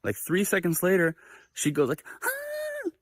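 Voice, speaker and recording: A young man hosting a livestream, telling a personal story in a casual, animated way with lots of swearing and fillers. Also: medium pitch, fairly quick, dry recording, studio quality. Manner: animated, profane, filler-heavy. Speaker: livestream host.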